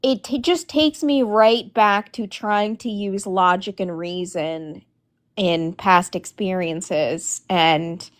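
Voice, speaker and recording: A woman of forty calling in for advice, speaking in a hesitant, halting way. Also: medium pitch. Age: 40s. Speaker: caller. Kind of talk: live coaching call.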